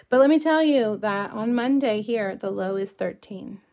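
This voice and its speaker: A woman's voice: mid-range voice, darkish tone. A middle-aged woman from South Texas with a drawl, chatting casually and rambling as she hosts a crafting livestream and reads out viewer comments.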